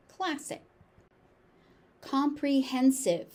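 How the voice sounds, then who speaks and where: A woman with a General American accent teaching pronunciation, saying each word slowly, sometimes syllable by syllable. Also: medium pitch, animated, dark tone. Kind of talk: slow, deliberate pronunciation lesson.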